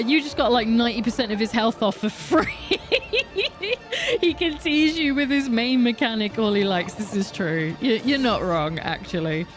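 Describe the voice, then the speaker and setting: A young woman streaming a video game, chatting casually with viewers, swearing and laughing as she plays. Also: fairly high pitch. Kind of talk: casual live-stream chat while gaming. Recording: music playing behind.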